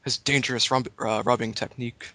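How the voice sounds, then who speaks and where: A man's voice: medium pitch, steady tone, fairly quick, sharp tone, no echo. A man in a casual podcast chat who explains things at length in a rambling, hesitant way.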